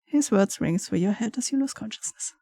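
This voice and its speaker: A woman's voice: medium pitch, expressive, fairly quick, vocal fry, dark tone, husky, no echo. A young woman playing through a game, reading its text aloud with chatty, giggly asides. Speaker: gaming streamer.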